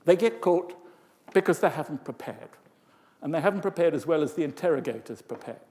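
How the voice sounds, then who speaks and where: An older Englishman delivers a lively lecture to a live audience in a large conference hall, acting out voices and tossing in asides. His voice sits a little high and his pace is brisk. The hall's reverberation is audible on the recording.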